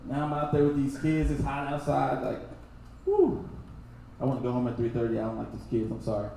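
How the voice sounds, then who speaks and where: A young adult man from Texas doing a loose, laughing stand-up set that keeps jumping into loud impressions. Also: medium pitch, level tone, a little fast, gravelly. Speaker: stand-up comedian. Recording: very echoey room, faint noise.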